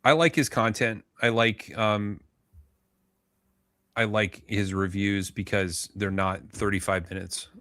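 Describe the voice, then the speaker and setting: A man's voice: on the low side, fairly even intonation, takes it slowly, fairly bright tone, dry recording, studio quality. A man from Indiana chatting casually in an easygoing, rambling way, poking fun at how his own region talks. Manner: easygoing, rambling, self-deprecating. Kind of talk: casual chat.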